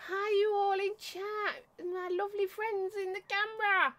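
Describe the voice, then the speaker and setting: A woman with a high voice hosts a casual live stream from her desk at home. She chats warmly with her viewers and greets each one by name. Now and then she stops to cough or clear her throat. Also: flat delivery, measured pace. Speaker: vape reviewer and livestream host.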